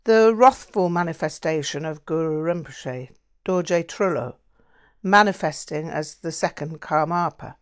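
A woman reading the part of a patient Buddhist woman who explains practices in a measured way, in an audiobook. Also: deep voice. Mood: explaining.

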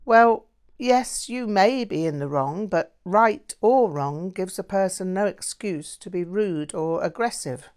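A woman reading the lines of a calm, patient young man in an audiobook, speaking in a reasoned, gently firm way. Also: medium pitch, measured pace, lightly acted.

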